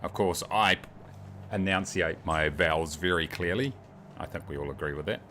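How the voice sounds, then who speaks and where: A man's voice: low-pitched, moderate pace, bright, forceful tone, a little hiss or hum. A New Zealand man livestreaming a flight sim, chatting in a rambling, joking, self-mocking way. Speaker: streamer. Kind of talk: casual livestream chat while flying a sim.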